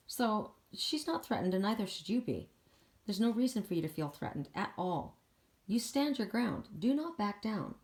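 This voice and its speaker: A woman's voice: mid-range voice, gravelly, a little mellow. A woman giving a casual, encouraging oracle card reading, talking in an emphatic, chatty way.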